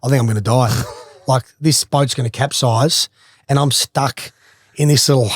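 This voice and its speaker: A man's voice: mid-range voice, moderate pace, no echo, studio quality. Swearing Australian man telling a story. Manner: animated, swears freely, laughs through stories. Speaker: guest, former footballer. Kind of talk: casual storytelling.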